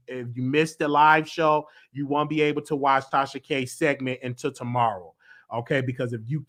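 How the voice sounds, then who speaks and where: A man hosting a celebrity gossip commentary show, talking emphatically and excitably, repeating himself. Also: mid-range voice. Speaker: host.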